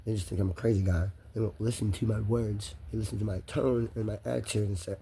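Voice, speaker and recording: A man's voice: on the low side, steady tone, fast, vocal fry, hardly any pauses, warm tone, a little hiss or hum. A man talking straight to the camera in a rambling personal monologue, circling back on the same phrases again and again.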